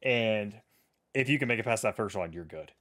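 Low-voiced guy hosting a book podcast, eager, telling stories. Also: animated, normal speed, a bit bright. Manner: enthusiastic, storytelling. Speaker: podcast host. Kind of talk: casual podcast chat.

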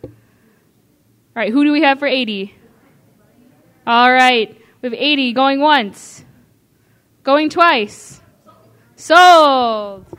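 A woman with a high voice calls bids at a charity auction. She paces herself slowly and steadily, repeats each amount, and coaxes the crowd to go higher. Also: a bit bright, clean tone. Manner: brisk, repeats bids, coaxing. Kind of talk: live charity auction calling.

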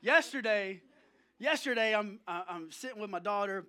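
A man with a strikingly high pitch and a bright, pointed tone, preaching at a church service. He talks in a playful, joking way, spinning stories about family life for his congregation. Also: brisk. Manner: playful, jokey storytelling to the congregation. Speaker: pastor. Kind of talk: sermon with personal stories.

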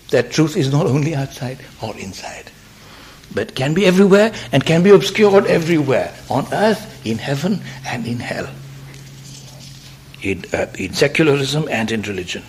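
Older man, slightly high voice, giving a meandering spiritual talk with stumbles and whispers, recorded in a reverberant hall. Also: big pitch swings, slight background noise. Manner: halting, repeats words, drops to near whispers. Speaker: speaker. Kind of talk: reflective spiritual lecture. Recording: roomy hall sound.

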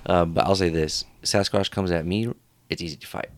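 A man co-hosting a casual podcast, telling stories in an animated, profane way and acting out voices. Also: deep voice, brisk, no room sound. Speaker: podcast co-host.

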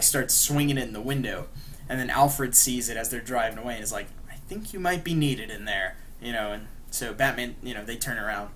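A man's voice: mid-range voice, fairly bright tone, a little hiss or hum. Man rambling through a casual recap. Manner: rambling retelling, full of "like" and "you know". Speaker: podcast co-host. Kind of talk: casual chat.

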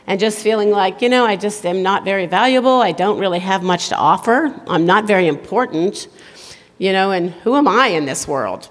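A middle-aged woman giving a conversational, self-deprecating sermon at a conference, chatty and quick to laugh. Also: on the low side. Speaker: speaker at a women's conference. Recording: long hall reverb.

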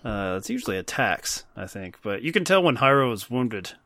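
A man's voice: mid-range voice, big pitch swings, moderate pace, pushed and bright. Joking man hosting a movie podcast. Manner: joking, rambling, self-deprecating. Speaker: podcast host. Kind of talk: casual movie podcast chat.

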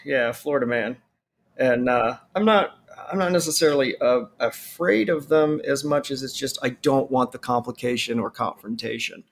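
A middle-aged man with a gravelly, fry-laden voice, swearing freely in relaxed chat. He rambles through stories and acts out the other people in them. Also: medium pitch, normal speed, a little hiss or hum. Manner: profane, rambling storyteller acting out quotes. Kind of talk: casual chat.

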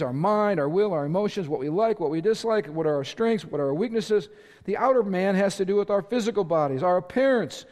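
A male pastor preaching a sermon to a congregation, energetic and emphatic, with sudden shouts and playful asides. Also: sits high, in a large hall. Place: church auditorium with congregation.

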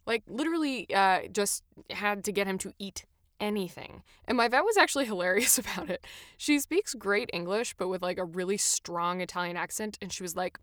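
A woman's voice: mid-range voice, expressive, moderate pace, a bit bright, dry recording, clean studio sound. A young woman hosting a solo podcast, talking in a chatty, enthusiastic and self-deprecating way. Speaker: podcast host. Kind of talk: casual solo podcast monologue.

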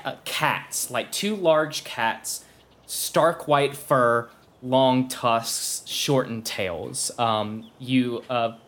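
A man's voice: mid-range voice, fairly bright tone. A man narrating a tabletop game as game master, casual and self-correcting, laughing now and then.

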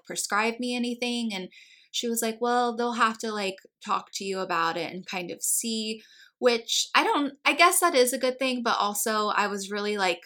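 A woman's voice: a little high, sharp tone. A young American woman chatting casually, telling a long personal story and acting out the dialogue, with a lot of "like"s. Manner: chatty storytelling, acts out quoted dialogue, many "like"s. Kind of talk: casual chat.

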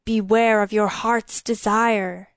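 A woman voicing an old male priest who gives slow, hissing warnings in a storybook reading. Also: mid-range voice, fairly even intonation, no room sound, clean studio sound. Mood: ominous.

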